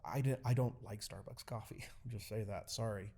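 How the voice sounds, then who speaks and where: Animated storytelling male pastor. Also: on the low side, vocal fry, breathy edge. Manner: animated storytelling, acts out quoted dialogue; halting, many fillers and restarts. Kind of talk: casual podcast chat.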